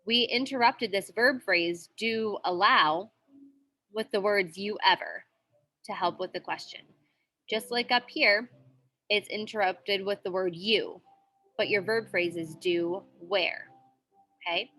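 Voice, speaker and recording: A woman teacher walking students through a worksheet, often checking in with "okay?" and slowing down to read example sentences. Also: mid-range voice, pushed and bright, a little hiss or hum. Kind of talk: recorded worksheet walkthrough.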